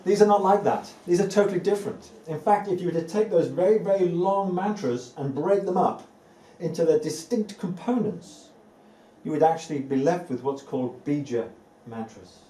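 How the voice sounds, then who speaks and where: A man's voice: on the high side, expressive, moderate pace, warm tone, far from the mic. A man giving a live evening talk to a group as a spiritual teacher, earnest and given to repeating words for emphasis, with light laughs now and then. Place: indoor room with a live audience. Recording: echoey room, voice off-mic, faint ambient noise.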